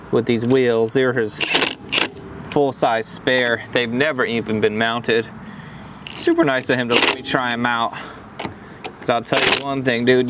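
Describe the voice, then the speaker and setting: Laid-back young guy, noisy outdoor audio. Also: mid-range voice. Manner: laid-back, says "dude" a lot. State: out of breath. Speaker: car builder and vlogger. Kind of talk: casual shop vlog talk.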